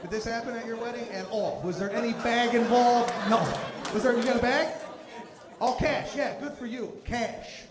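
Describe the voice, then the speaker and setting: High-voiced comedian shouting punchlines onstage. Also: male voice, normal speed. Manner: animated, shouting punchlines, crowd work. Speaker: stand-up comedian. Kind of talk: stand-up comedy set. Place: live comedy stage before an audience. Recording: echoey venue with loud crowd noise.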